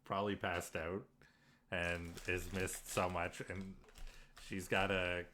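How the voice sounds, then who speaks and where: A man's voice: sits low, little pitch movement, takes it slowly, sharp tone, slight background noise. A man streaming a game live, reacting emotionally and laughing often as he comments on the story. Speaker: let's play streamer.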